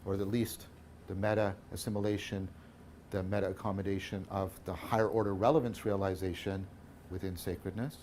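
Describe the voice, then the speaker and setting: A man giving a philosophy lecture, thinking aloud, correcting himself often and tagging points with "right?", his loudness swinging between emphatic and hushed. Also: low-pitched, fairly even intonation, moderate pace, slight background noise.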